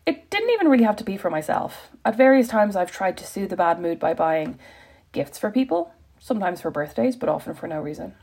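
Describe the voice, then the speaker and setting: Woman, wry confessional reader, husky with a bit of fry. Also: medium pitch, big pitch swings, fairly quick, darkish tone. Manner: wry, self-deprecating, confessional. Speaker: blogger reading her own post. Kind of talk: reflective personal reading.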